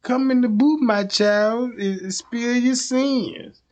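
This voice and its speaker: A man voicing a male priest hearing confession, in a drawn-out, solemn way. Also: very high voice, darkish tone, pitched above the performer's own voice. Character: high-voiced slow-talking male priest hearing confession.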